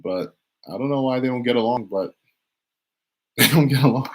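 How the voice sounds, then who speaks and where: A man's voice: mid-range voice, normal speed, poor audio. A man giving a live-streamed tarot reading in a casual, rambling way, restarting and repeating phrases as he talks. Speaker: tarot reader.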